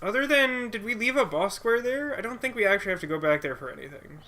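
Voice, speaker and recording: A man's voice: high-pitched, lively intonation, sharp tone. A man joking sarcastically while commenting on a video game with friends. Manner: joking, sarcastic, quick to laugh. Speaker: let's play co-commentator. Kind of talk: casual gaming chat. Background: game music.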